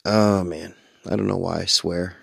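A man's voice: low voice, little pitch movement, a little slow, gravelly, a bit bright, husky, no room sound, clean studio sound. A middle-aged man hosting a late-night radio show, tired and sleepy, rambling casually and swearing freely. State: sleepy, yawning.

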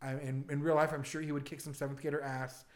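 A man's voice: on the high side, flat delivery, quick pace. A young man co-hosting a podcast in casual chat, telling stories in a rambling, stammering way and swearing freely. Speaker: podcast co-host. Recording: echoey room.

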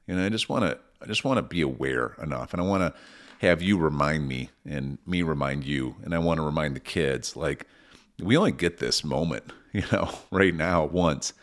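A man's voice: extremely low pitch, normal speed. A middle-aged man co-hosting a parenting podcast, talking in a rambling, earnest way and getting emotional about family moments. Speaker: podcast co-host, father of six. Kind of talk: casual conversation.

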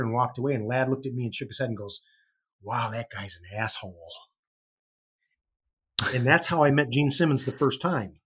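A man's voice: mid-range voice, breathy edge. A middle-aged man from Chicago, a podcast guest, telling a story in casual chat and acting out the voices of people he quotes. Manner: animated, acts out quoted voices.

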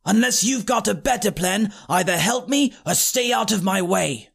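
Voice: mid-range voice, lively intonation, normal speed, creaky, slightly rough, exaggerated voice. A narrator voicing a small, cocky, salty boy hero in an audiobook, sulky and impatient. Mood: determined.

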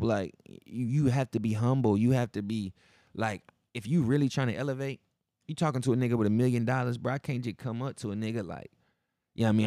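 A man with a brisk, mid-range, slightly mellow voice hosts a podcast alone, recorded at studio quality with no room sound. His casual monologue is full of slang and profanity, and he acts out the dialogue of the people he describes.

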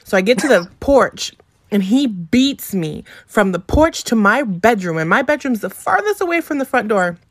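A woman calling in to a podcast and telling a brisk, chatty story with many fillers. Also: on the high side, big pitch swings, no echo, clean studio sound. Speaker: caller. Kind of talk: casual storytelling.

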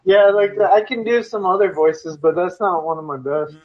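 A man's voice: high voice, moderate pace, dull audio. A man co-hosting a casual podcast, laid-back with short replies. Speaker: podcast co-host. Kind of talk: casual chat.

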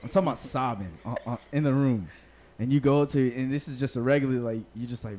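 A man co-hosting a podcast, laid-back and swearing often, posing scenarios and laughing loudly. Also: mid-range voice, fast talker. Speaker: podcast co-host. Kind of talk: casual podcast banter.

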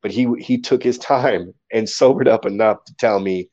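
A man, a poet, telling stories casually in an interview, animated and acting out quotes. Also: lowish voice, normal speed, dull audio.

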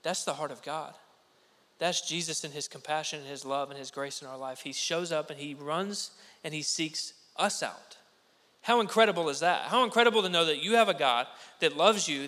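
Animated preacher in an echoing hall. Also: male voice, fairly high pitch. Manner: conversational, animated, acts out quoted voices. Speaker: pastor. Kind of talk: sermon. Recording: echoey hall with long reverb.

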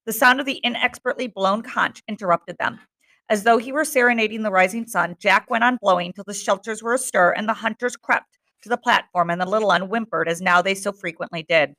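A woman reading a novel aloud chapter by chapter, narrating steadily and pausing for short asides. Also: mid-range voice, bright, forceful tone. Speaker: reader.

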